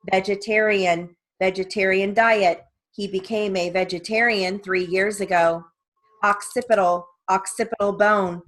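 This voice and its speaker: A woman reading word lists and sentences as dictation practice, evenly and deliberately, with short spoken asides. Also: mid-range voice, fairly bright tone, poor audio. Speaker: dictation reader for steno practice.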